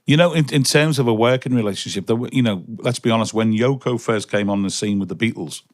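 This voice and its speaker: A man's voice: medium pitch, quick pace, no echo, studio quality. A man hosting a podcast interview, asking long questions full of restarts. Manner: rambling questions with many restarts. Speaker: podcast host.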